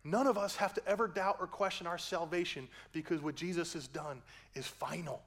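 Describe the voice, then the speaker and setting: An older man preaching a sermon as pastor, moving between hushed gentle passages and loud rising climaxes, with folksy asides. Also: on the high side, a little fast.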